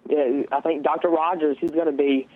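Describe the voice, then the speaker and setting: A teenage man from Georgia with a Southern accent comes through a thin, tinny phone line. His voice sits a little high, and he talks haltingly, filling gaps with ums and you-knows. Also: fairly even intonation, slight background noise. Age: teens. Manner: hesitant, lots of fillers. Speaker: phone-in guest. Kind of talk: casual phone interview.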